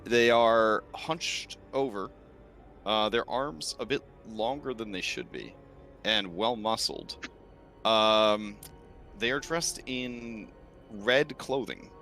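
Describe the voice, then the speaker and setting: A man acting as game master, narrating a tabletop game in a relaxed way with many fillers. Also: lowish voice, slow pace, soft background music.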